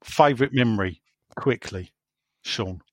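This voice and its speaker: A man's voice: mid-range voice, a little slow, no echo. A man hosting a casual football fan podcast, blunt and sardonic, laughing often as he reads out messages.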